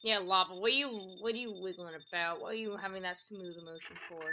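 A woman's voice: lowish voice, fast, few pauses, bright, forceful tone, dull audio, a little hiss or hum. A woman giving let's-play commentary, rambling through asides and breaking into yelps and squeals. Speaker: gameplay commentator. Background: faint game music.

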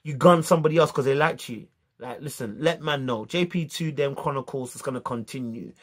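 A man's voice: mid-range voice, fairly quick. Slangy British young man telling a story. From United Kingdom. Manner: animated, acts out dialogue, heavy slang. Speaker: vlogger. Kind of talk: casual storytelling to camera.

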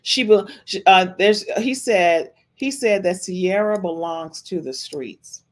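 A woman's voice: on the low side, slow. A woman hosting a podcast, giving casual reaction commentary on a livestream in an emphatic, chatty way and often tossing in a questioning "okay?". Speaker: podcast host.

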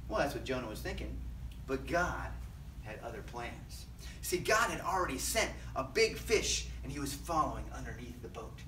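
Lively man telling a Bible story to kids. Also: medium pitch, normal speed, a little hiss or hum. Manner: lively, playful, sound effects. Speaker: children's pastor. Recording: roomy, from mic distance.

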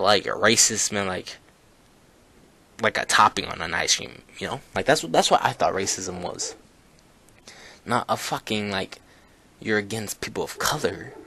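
A young man with a low, gravelly voice that still sounds bright and forceful. He tells a story in a loose, rambling vlog way, swearing a lot and restarting his sentences. He talks like an easygoing YouTuber chatting to his viewers. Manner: rambling, profane, with many fillers and restarts. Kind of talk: casual story-time vlog.

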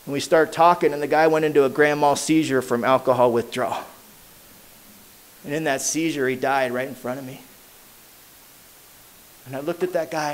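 A man speaking at a recovery meeting, telling his own story in a casual, slangy way and going quiet at the hard parts. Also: a little high. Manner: casual, slangy storytelling, dropping to a hushed voice at emotional moments. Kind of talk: personal recovery story told to a crowd. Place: meeting hall.

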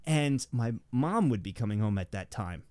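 A man telling a funny story in casual chat, animated and hesitant, acting out the scenes. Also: medium pitch, moderate pace, dry recording.

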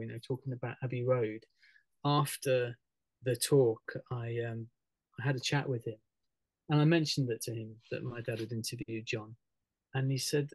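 Male musician guest, mid-pitched, halting and filler-heavy, dry close sound. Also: darkish tone, dry recording, poor audio. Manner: halting, many fillers and restarts, laughs often. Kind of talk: casual radio interview over a video call.

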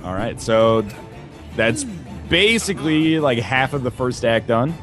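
A man's voice: mid-range voice, animated, measured pace. A man giving casual gaming commentary while playing with a friend, rambling and joking with lots of filler words. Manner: rambling, jokey, heavy on "like" fillers. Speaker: let's play co-host. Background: game music.

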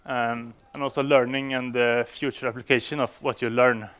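A man's voice: mid-range voice, flat delivery, normal speed, fairly bright tone, clean tone. A man giving a conference talk to developers, speaking English as a non-native speaker, with frequent fillers and restarts. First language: Swedish. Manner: hesitant, many fillers and restarts.

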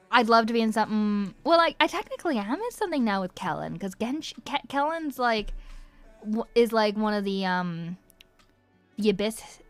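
A woman's voice: mid-range voice, a bit bright, clear, resonant tone, no room sound. Giggly woman with an Irish-transatlantic accent. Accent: Irish-transatlantic mix. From Northern Ireland. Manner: giggly, effusive, rambling with many fillers. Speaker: voice actress answering fan questions. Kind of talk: casual livestream Q&A.

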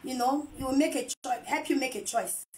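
A woman's voice: high-pitched, brisk, low-quality recording. A woman chatting casually to camera as a vlogger, playful and teasing, laughing often. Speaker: vlogger and mother.

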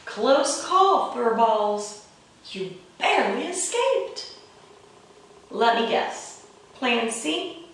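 A woman reading a picture book aloud to children in a playful, expressive way, with roars and chuckles, recorded in an echoey room from far off. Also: fairly high pitch, drawn-out words, pauses often, a little hiss or hum. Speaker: children's librarian.

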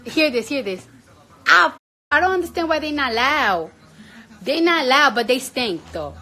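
High, bright-voiced New woman. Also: lively intonation, unhurried, rough recording. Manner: loud, blunt and profane; coos at her baby. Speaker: livestream host. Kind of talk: casual livestream chat.

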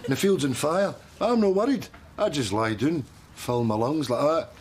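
Man playing a crude old Glasgow pensioner, lively voice. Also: on the high side, normal speed, natural voice. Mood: wry. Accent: Scottish, Glasgow. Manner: coarse, wry, bantering. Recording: TV soundtrack with background noise.

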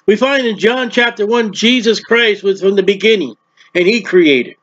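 A man's voice: high-pitched, moderate pace, a bit bright, dull audio. A man preaching a sermon, reading scripture aloud and explaining it in a plain-spoken, emphatic way.

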